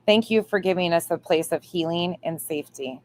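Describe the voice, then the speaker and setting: Low-pitched lady, casual livestream host, reading chat and cussing for fun. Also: a little fast, slight background noise. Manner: reads viewer comments aloud, swears playfully.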